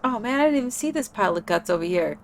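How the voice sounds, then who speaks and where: A woman's voice: mid-range voice, lively intonation, very fast, slight background noise. A woman chatting casually while playing a game, rambling with lots of filler words. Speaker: gaming streamer. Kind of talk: casual gameplay chat.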